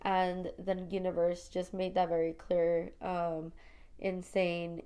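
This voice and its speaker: A woman's voice: lowish voice, completely flat delivery, takes it slowly, warm tone, clean tone. Reflective woman hosting a spiritual podcast. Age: adult mother of school-age children. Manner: reflective and confessional, full of "you know" and "like"; talks straight to listeners as "you guys". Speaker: podcast host. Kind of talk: personal spiritual podcast monologue.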